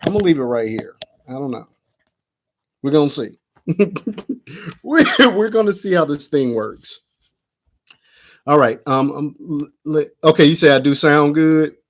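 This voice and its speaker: A man's voice: fairly high pitch, lively intonation, normal speed, long pauses. Chatty man hosting a home livestream. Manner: chatty, muttering to himself while adjusting camera. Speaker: livestream host. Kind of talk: casual livestream chat. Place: at home, indoors.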